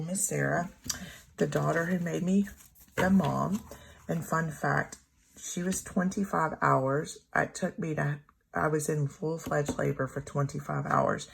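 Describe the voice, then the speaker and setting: Chatty mother of five with a low, gravelly voice. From Texas. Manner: chatty, rambling, laughs often. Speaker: planner vlogger. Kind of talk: casual storytelling while decorating a planner.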